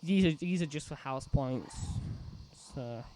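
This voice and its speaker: A man with a slightly raised voice talks casually over a game he is playing. He rambles, circling back with fillers and "so yeah". Clear background noise hums behind his home recording. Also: a little high, unhurried, a little mellow. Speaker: let's play host. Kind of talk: casual gameplay commentary.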